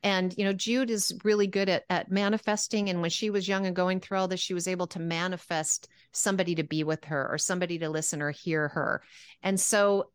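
A woman's voice: lowish voice, fairly even intonation, brisk, clean tone, no room sound. A woman co-hosting a spiritual podcast, telling personal meditation stories in an earnest, chatty way and acting out her own reactions. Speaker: podcast co-host. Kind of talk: casual spiritual podcast chat.

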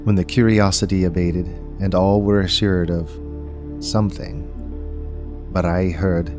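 Deep-voiced man narrating a story. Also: steady tone, moderate pace, over music. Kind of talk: scripted audiobook narration.

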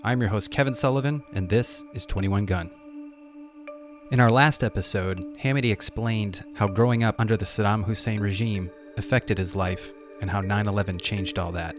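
Deep voiced guy narrating a podcast intro, dramatic, music clear underneath. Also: fairly even intonation, normal speed. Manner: dramatic storytelling delivery. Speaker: podcast host. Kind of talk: scripted narration.

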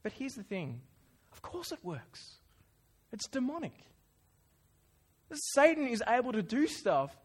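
Male Australian pastor, high-pitched, casual storytelling sermon. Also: measured pace, pauses often, slightly rough. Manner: conversational, lively storyteller.

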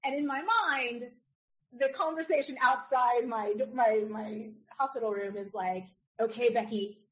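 A middle-aged woman with a somewhat high voice tells a personal story as a podcast guest. She talks casually and animatedly and mimics the people she describes. The audio sounds a little dull and lo-fi. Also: unhurried. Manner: animated, acts out others' voices in her story.

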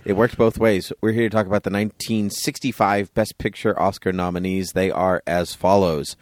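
This is a man hosting a casual podcast. His voice sits very low, and he laughs often while lightly teasing his co-host. The sound is dry and close, with no room echo. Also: moderate pace. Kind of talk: casual chat.

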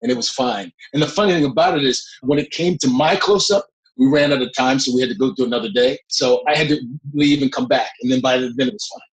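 A middle-aged man, a guest actor, telling a long behind-the-scenes story in a lively way, often breaking into laughs. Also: medium pitch, fast talker, poor audio. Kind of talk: anecdotal storytelling.

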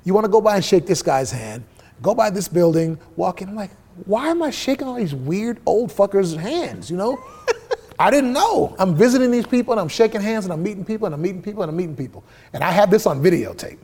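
Speaking a little fast in a high-pitched, slightly rough voice, a middle-aged man shares stories as a guest in a casual interview; he's a musician. He curses liberally and brings quoted dialogue to life, playing out each part.

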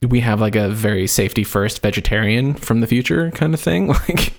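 Low-voiced man telling a story casually. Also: lively intonation, brisk, vocal fry. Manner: rambling, many fillers like "like" and "um". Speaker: podcast host telling the story. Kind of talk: casual chat.

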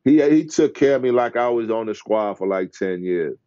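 A middle-aged man telling stories as a podcast guest, acting out quotes excitedly. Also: normal speed, no echo, lo-fi sound. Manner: excited storyteller who acts out quotes in a high voice. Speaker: guest, former basketball player. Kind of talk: animated storytelling in a podcast interview.

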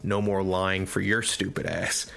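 Casting: man voicing a freed, vengeful tongue, brash Brooklyn accent, loud and gleeful, comic-story figure. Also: low-pitched, flat delivery, a little slow, creaky, exaggerated voice. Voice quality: brash, yelling. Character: severed male tongue, gleeful, vengeful, loudmouthed.

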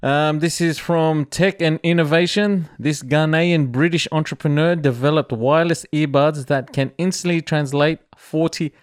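A man hosting a podcast in casual chat, telling stories quickly and laughing along. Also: on the high side, steady tone, smooth. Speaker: podcast host.

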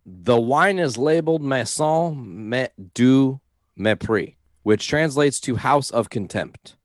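Man, podcast co-host, casual wry chat, mid-pitched voice, dry recording. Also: animated, takes it slowly, no echo.

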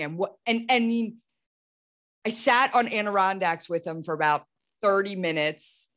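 A woman's voice: mid-range voice, moderate pace, fairly bright tone. A woman in her thirties hosting a podcast, telling a story animatedly with lots of restarts and "like". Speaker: podcast host. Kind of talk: casual storytelling conversation.

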